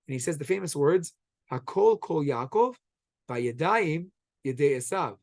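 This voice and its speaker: A man teaching a Torah class, telling the story with animated acted-out quotes. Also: a little high, creaky, no echo. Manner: animated, quotes characters in quick acted voices.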